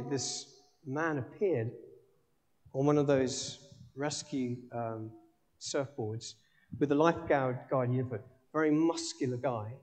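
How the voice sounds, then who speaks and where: A man preaching a sermon, emphatic, with dramatic pauses and rising exclamations. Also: medium pitch, darkish tone. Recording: long hall reverb.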